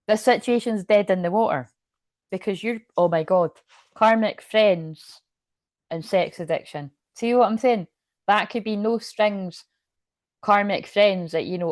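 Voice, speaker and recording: A woman's voice: mid-range voice, measured pace, dry recording. A woman reading tarot cards on a live stream, chatty and laughing often, with rambling asides. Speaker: tarot reader.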